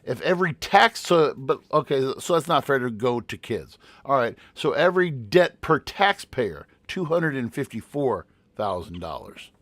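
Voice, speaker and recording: Rambling teacher-host, dry close mic. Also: male voice, medium pitch, very animated, moderate pace, few pauses, a bit bright, no echo. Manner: rambling, with many restarts while reading out figures. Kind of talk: casual podcast chat.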